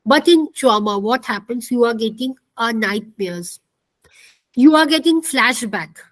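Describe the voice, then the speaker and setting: A woman's voice: on the high side, lively intonation, unhurried, dry recording, poor audio. A woman lecturing an online counselling class, explaining step by step, repeating points and asking the class questions. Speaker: counselling instructor.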